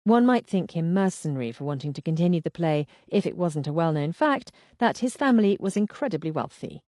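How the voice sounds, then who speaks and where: A woman reading a first-person mystery audiobook aloud in a measured, expressive way. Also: fairly low pitch, no echo, studio quality. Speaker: audiobook narrator. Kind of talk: scripted first-person narration.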